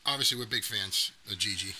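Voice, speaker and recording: A man hosting a casual interview show, asking quick, joking questions. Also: lowish voice, very noisy. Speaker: podcast host.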